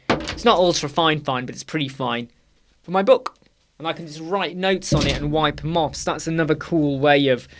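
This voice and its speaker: A man's voice: a little high, fairly bright tone. A young man hosting a live web design Q&A stream, talking casually with energy and repeating key phrases for emphasis.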